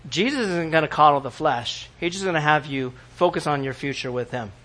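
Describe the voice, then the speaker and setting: A man preaching to his congregation, lively and animated, often turning to them with questions. His voice sits a little high for a man. He acts out the people he quotes in his own voice. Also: fairly quick. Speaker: pastor. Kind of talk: sermon.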